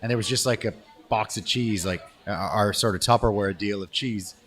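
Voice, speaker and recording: A Canadian man hosting a casual interview, enthusiastic and quick to chime in with affirmations. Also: fairly low pitch, a bit bright, faint music behind. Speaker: podcast host.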